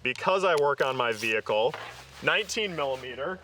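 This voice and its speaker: A man's voice: mid-range voice, lively intonation, brisk, bright, forceful tone, slight background noise. A man hosting an off-road show, walking through his tool kit in a casual, upbeat way, laughing often and using lots of fillers. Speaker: host of an off-road vehicle show.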